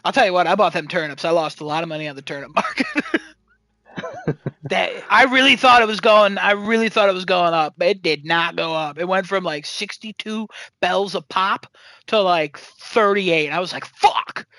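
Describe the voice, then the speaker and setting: A young man chats on his podcast with a bright, forceful voice that often rises when he gets worked up. He rambles and swears freely as he tells jokey stories. The sound is dry and close, with no room around it. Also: sits high, animated, moderate pace, no echo. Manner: rambling, profane, jokey storytelling. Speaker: podcast host. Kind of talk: casual chat.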